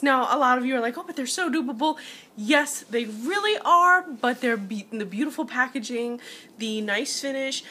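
A woman's voice: high-pitched, sharp tone, a little hiss or hum. A woman beauty vlogger giving a casual, chatty product review and talking straight to her viewers. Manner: chatty, addresses viewers as guys.

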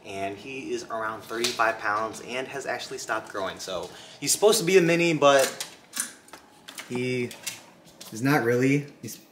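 A young man talking casually to camera in a relaxed, chatty vlog, with faint music behind him. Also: normal speed, a little hiss or hum. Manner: relaxed, chatty, talks to his dog in a high excited voice. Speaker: vlogger and dog owner.

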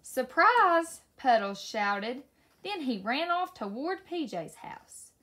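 A woman reading a children's story aloud in a slow, expressive way. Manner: slow, expressive read-aloud with lively pitch. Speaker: story reader.

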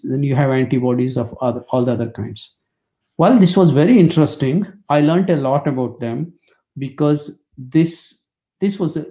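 A man's voice: medium pitch, warm tone. A man in his sixties from India, speaking, gives a webinar lecture as wry, anecdotal storytelling.

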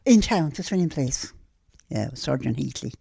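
This is an older woman with a broad Dublin Irish accent, remembering her working days. Her voice is gravelly and a little husky, low in brightness and warm. The room is dry and close, and she tells her stories plainly and with spirit. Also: normal speed, dry recording. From Ireland. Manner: lively and plain-spoken, acting out old conversations. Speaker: interviewee. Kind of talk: storytelling reminiscence.

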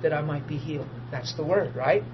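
A middle-aged man preaching a sermon built on personal testimony, animated, acting out the people in his stories and laughing easily. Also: a little high, brisk. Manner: animated storyteller, acts out dialogue, laughs easily. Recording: dull lo-fi archive recording with steady noise.

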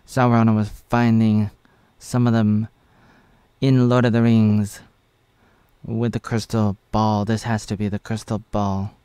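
Man, smooth clear voice, dry sound, halting casual reaction commentary. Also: on the low side, darkish tone, no echo. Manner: halting, thinks aloud with fillers.

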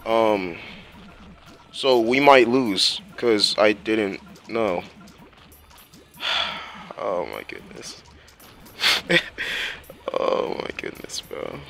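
A young man with a low, deep voice talks through his gameplay in loose, slangy self-talk. His tone is bright and forceful, and he fills gaps with filler words. Faint game music plays quietly underneath. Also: animated, drawn-out words, gravelly, pauses often. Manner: talks to himself while playing, slangy, with many fillers. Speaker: gameplay commentator. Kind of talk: casual gameplay commentary.

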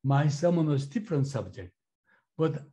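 A middle-aged man whose first language is Korean, a pastor giving a testimony in a slow, halting way, repeating phrases as he goes. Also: on the high side, lively intonation, dark tone. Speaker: pastor and former missionary. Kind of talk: sermon-style personal testimony.

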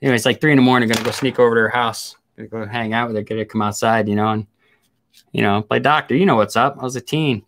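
A man in his forties, mid-range in pitch, hosts a relaxed chat. He spins crude, rambling stories in a loose, casual way and breaks into laughter often. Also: rapid-fire. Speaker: host.

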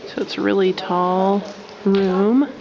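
A woman's voice: mid-range voice, steady tone, slow pace, creaky, a crowd in the background. A woman vlogging casually to her camera, chatty and giggly, talking to her dog. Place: indoors then outdoors in heavy rain. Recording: muffled with background noise.

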